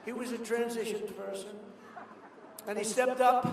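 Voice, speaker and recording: Older male politician, boastful rambling rally talk, highish pitch, big echoey hall heard from afar. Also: fairly even intonation, normal speed, vocal fry, long pauses. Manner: rambling, boastful storytelling with asides. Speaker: politician giving a speech. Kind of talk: rally speech. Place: large hall at a college. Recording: echoey hall, distant PA mic, noise.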